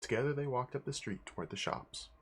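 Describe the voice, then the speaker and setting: A man's voice: medium pitch, fast, husky. A man streaming, casually reading a fantasy game manual aloud to viewers.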